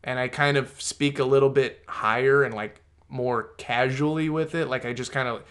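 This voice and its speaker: A man's voice: medium pitch, fairly even intonation, moderate pace, fairly bright tone, smooth. A man co-hosting a podcast, chatting casually in a rambling way that doubles back on itself, with some swearing. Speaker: podcast co-host. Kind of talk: casual chat.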